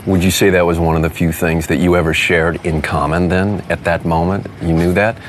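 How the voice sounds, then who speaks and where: A man conducting a mock interview in a calm, probing, deadpan way. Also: sits low, a little fast, slight background noise.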